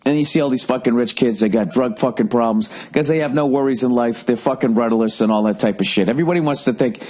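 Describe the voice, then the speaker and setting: A man's voice: mid-range voice, fast, a little mellow. A man in his forties with a Boston accent, ranting profanely through a casual solo monologue as podcast host.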